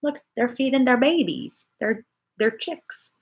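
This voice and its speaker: A woman in her forties hosts a casual church livestream chat, reading viewer comments and chatting in an animated way. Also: fairly high pitch, a little slow, gravelly, lo-fi sound.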